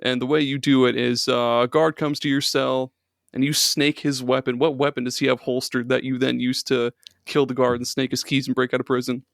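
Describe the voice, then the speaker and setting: Young guy podcast host, swears a lot, goes shrill for bits, dry close mic. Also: fairly quick, vocal fry, no room sound. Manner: profane, animated storyteller with shrieking bits. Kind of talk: casual comedic banter.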